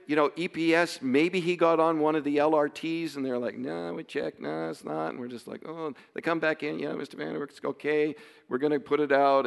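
A man tells a family story in a casual way. He halts and restarts as the emotion comes through. His voice sits at an ordinary pitch, with a long reverb around it. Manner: emotional, halting, many restarts. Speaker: father telling a family story.

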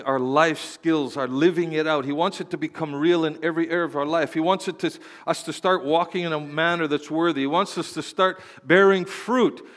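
A man preaching a sermon as pastor, playful and animated, swinging from quiet asides to loud exclamations. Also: a little high. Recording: long hall reverb.

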